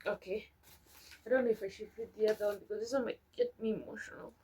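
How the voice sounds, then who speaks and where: A woman's voice: mid-range voice, steady tone, fast, dark tone, a little hiss or hum, rough recording. Young woman reading letters aloud. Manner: sentimental, chatty asides between read lines. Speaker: vlogger.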